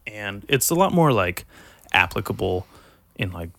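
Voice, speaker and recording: A man's voice: lowish voice, sing-song, a little slow, creaky, fairly bright tone, no echo. A man chatting casually on a podcast, a rambling, self-deprecating storyteller who swears freely. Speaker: podcast co-host.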